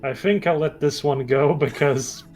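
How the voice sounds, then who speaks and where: A man's voice: fairly high pitch, a little slow, a little mellow, soft background music. A man playing a casual online board game with friends, talking hesitantly and laughing often. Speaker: player acting as sheriff.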